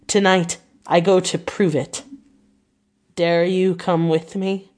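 A woman's voice: lowish voice, little pitch movement, slow, darkish tone. A woman reading an audiobook and voicing an elderly, earnest Dutch professor who speaks in solemn, broken formal phrasing. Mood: pleading.

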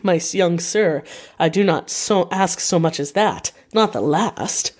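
A woman's voice: fairly low pitch, a little slow, darkish tone. Woman reading a grave old professor. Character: old male professor, grave, kindly, commanding.

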